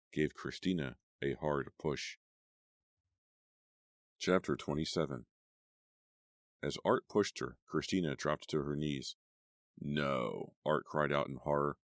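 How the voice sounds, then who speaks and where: A man narrating a horror audiobook in a steady, measured storytelling voice. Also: a bass voice, no echo, clean studio sound.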